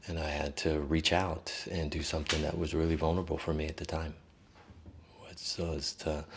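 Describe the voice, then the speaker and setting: Very deep, husky-voiced man. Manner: candid, reflective, with pauses and fillers. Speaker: interviewee. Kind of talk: personal storytelling in an interview.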